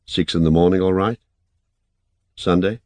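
A man's voice: low voice, steady tone, darkish tone, no echo. A man reading a weary, mumbling young man. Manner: slow, halting, thinking aloud.

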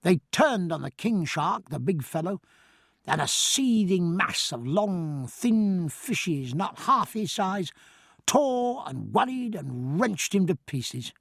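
Expressive, husky male audiobook narrator. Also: high-pitched, dry recording, clean studio sound. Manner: measured, expressive storytelling. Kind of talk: scripted narration.

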